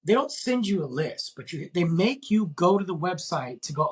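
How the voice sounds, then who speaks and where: A man's voice: fairly high pitch, lively intonation, normal speed, slightly rough. A man hosting a podcast, ranting in an exasperated, casual way and firing off rhetorical questions. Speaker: podcast host.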